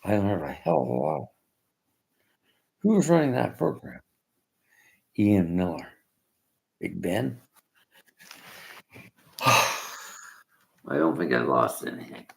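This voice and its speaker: A man in a rambling personal monologue, halting and emotional, often dropping to near-whispers. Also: low voice, sing-song, vocal fry.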